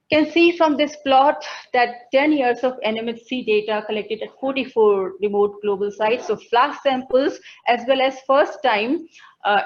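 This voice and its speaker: A woman with a fairly high voice presents her research at a conference, working through each plot carefully and pausing often to search for words. She sounds like she is speaking into a presenter microphone in a conference hall. The recording is muffled and lo-fi. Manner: methodical, explaining plots step by step with frequent hesitations. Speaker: atmospheric scientist presenting research.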